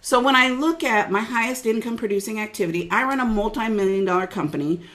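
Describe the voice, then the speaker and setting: A middle-aged woman business coach giving an energetic, preachy motivational webinar talk and calling out listeners by name. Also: fairly high pitch, quick pace.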